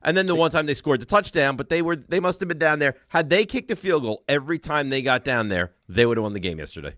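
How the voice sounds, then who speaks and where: A man's voice: fairly high pitch, lively intonation, fast, fairly bright tone, no room sound, studio quality. A man with a New York accent hosting sports radio, emphatic and needling in casual banter.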